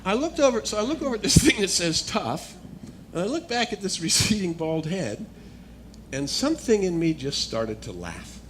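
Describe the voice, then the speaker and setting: Guest speaker, man, fairly high pitch, personal testimony, storytelling delivery, faint background noise. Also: normal speed. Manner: storytelling, builds to animated excitement.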